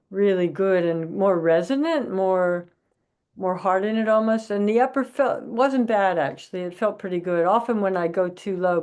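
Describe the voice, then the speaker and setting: A woman taking part in an online workshop, talking in a hesitant, reflective way with halting restarts. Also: fairly low pitch, darkish tone. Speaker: workshop participant.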